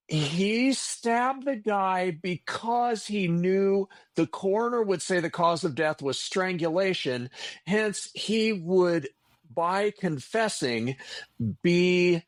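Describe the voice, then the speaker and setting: Male podcast co-host, slow rambling delivery, slightly high voice, dry close sound, sarcastic asides. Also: no echo. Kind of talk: casual chat about old TV.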